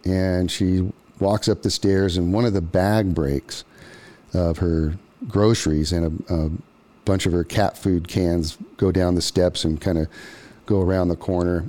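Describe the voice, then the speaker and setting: A man's voice: low-pitched, steady tone, measured pace, dark tone. A man hosting a podcast, casually retelling a story from a book with many ums and restarts. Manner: loose, lots of ums and restarts. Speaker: podcast host.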